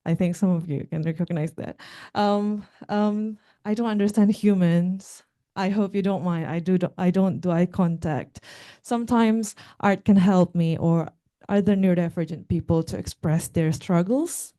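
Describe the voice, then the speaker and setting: A young woman gives a talk with slides, speaking haltingly with fillers and restarts. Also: fairly low pitch, warm tone. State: out of breath. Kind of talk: conference talk.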